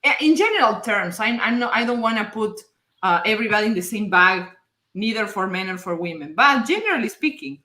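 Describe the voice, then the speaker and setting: A woman's voice: mid-range voice, lively intonation, fairly quick, bright, forceful tone. A woman co-hosting a casual live-stream chat, who reads out the chat and thinks aloud hesitantly. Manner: hesitant, restarts while she thinks aloud. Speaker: co-host reading chat. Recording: echoey room.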